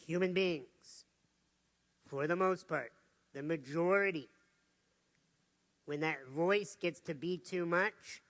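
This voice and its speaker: A man's voice: on the high side, slow pace, long pauses, fairly bright tone. A man giving a motivational talk to a live audience, telling stories and putting questions to the crowd. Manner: storytelling, asks the audience questions. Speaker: motivational speaker.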